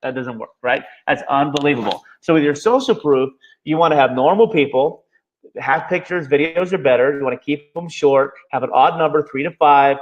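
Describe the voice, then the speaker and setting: Fast-talking male marketing instructor. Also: on the high side, lo-fi sound. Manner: fast-talking, constantly checking in with "okay?". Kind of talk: live online class teaching.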